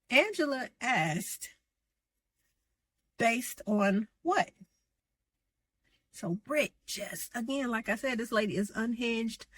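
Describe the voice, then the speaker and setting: A woman's voice: a little high, no room sound. A woman giving a sassy, slangy recap of reality TV gossip, acting out what the cast said. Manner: sassy, animated, slangy, acts out quotes. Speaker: gossip commentator.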